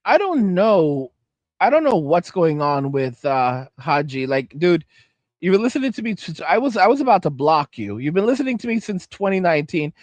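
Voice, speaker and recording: A man with a high voice delivers a heated, blunt rant on his own commentary channel. He often stumbles over words and restarts his sentences. The recording is dry and close, with no room echo. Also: very animated, moderate pace. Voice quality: high-pitched voice. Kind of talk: ranting commentary vlog.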